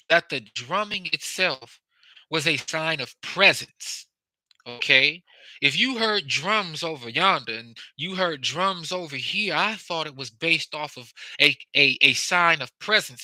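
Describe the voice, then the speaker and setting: A young adult man in a casual teaching talk, speaking deliberately and playing with his voice's inflections to make points. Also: a little high, animated, sharp tone, no echo, low-quality recording. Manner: slow, deliberate, demonstrative with vocal inflections. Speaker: host.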